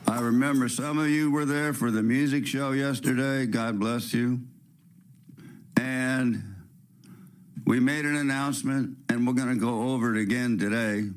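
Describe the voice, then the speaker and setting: A man hosting a spiritual radio show, with a raspy voice and the sniffles from a cold. He talks in a preachy, rambling way, firing rhetorical questions and restarting his sentences. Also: mid-range voice, fairly even intonation, unhurried.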